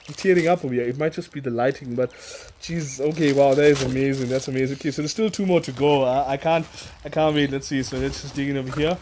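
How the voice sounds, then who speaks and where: Excitable man unboxing outdoors. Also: mid-range voice, a little hiss or hum. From South Africa. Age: 30s. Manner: excitable, gushing, repeats words, laughs often. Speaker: toy reviewer. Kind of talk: casual unboxing vlog. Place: outdoors in a yard.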